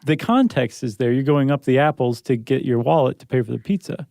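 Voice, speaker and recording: A man's voice: mid-range voice, fairly quick, creaky, darkish tone, dry recording, clean studio sound. A man co-hosting a podcast in casual, joking chat, often trailing off and restarting. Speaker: podcast co-host.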